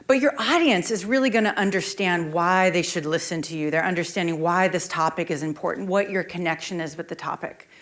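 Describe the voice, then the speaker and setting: A woman presentation coach leading a conference workshop, lively and speaking straight to the audience. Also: lowish voice. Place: conference room.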